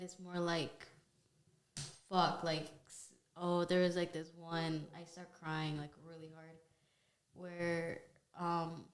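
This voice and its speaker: A young American woman in casual conversation, talking emotionally and haltingly with many filler words. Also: lowish voice, reverberant. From United States. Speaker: podcast co-host. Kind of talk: casual chat.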